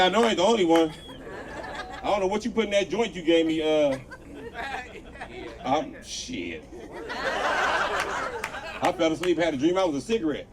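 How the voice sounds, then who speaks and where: A man's voice: on the high side, expressive, normal speed, long pauses, far from the mic, very noisy. A man doing a crude stand-up comedy set at an outdoor show, telling stories with voiced quotes and talking to the crowd. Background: crowd laughing.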